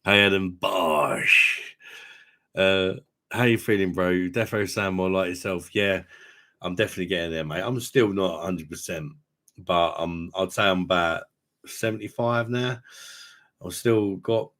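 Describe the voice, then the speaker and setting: A chatty man in his forties hosts a relaxed livestream. His voice is low. He greets viewers, swears freely and laughs often. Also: moderate pace. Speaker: host. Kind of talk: casual livestream chat.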